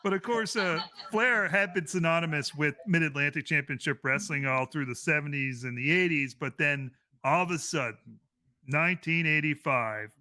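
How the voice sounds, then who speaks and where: Man hosting a podcast, easygoing, bright tone, slightly high pitch. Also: normal speed, no room sound. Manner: easygoing, affirming, laughs often. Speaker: podcast host. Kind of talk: casual chat.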